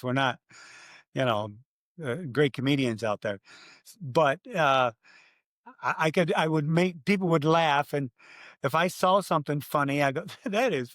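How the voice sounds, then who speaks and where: An older man, a race announcer, telling stories in a podcast interview, animated and acting out his own quotes. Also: fairly high pitch, dry recording, studio quality.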